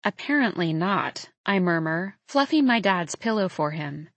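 A woman narrating a novel in the first person, in a soft, measured storytelling manner. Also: lowish voice, animated, no echo. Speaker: audiobook narrator.

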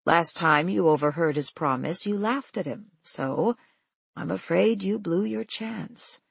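An elderly husband, drowsy and affectionate, read by a woman in a low, husky voice. He talks slowly and gently, with a playful teasing edge. The sound is close and dry. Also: no echo, heavily acted.

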